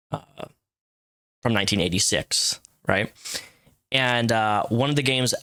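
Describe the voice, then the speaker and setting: A man's voice: lowish voice, a bit bright. A man in his thirties giving casual, rambling commentary with frequent restarts and fillers. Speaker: commentary youtuber.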